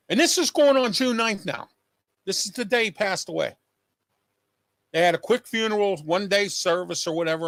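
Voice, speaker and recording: A high-pitched man with a fairly bright tone hosts his own show, giving viewers a personal monologue that is agitated, emphatic, and repetitive. There's no echo.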